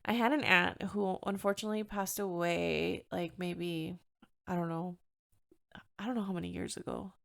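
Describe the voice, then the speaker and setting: A woman's voice: fairly low pitch, steady tone, normal speed, vocal fry, fairly bright tone. A young woman with a Mexican-American accent hosting her own podcast, chatting candidly, laughing often and slipping Spanish phrases into her English. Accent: Mexican-American English with Spanish code-switching. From United States, Mexican-American. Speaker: podcast host. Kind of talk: casual solo podcast chat.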